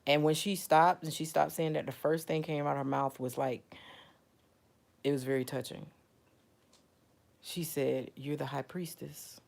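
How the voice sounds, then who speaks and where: A woman's voice: deep voice, little pitch movement, moderate pace, creaky, pauses often, a little mellow. A woman in casual talk to her viewers, rambling and repeating herself, leaning on "you know" and "like". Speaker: self-described spiritual advisor. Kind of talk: casual storytelling to camera.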